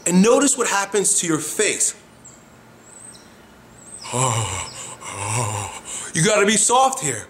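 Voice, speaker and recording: A man's voice: sits high, very animated, moderate pace, few pauses, a bit bright, slight background noise. A man giving frank, profane coaching talk about the body, blunt and demonstrative.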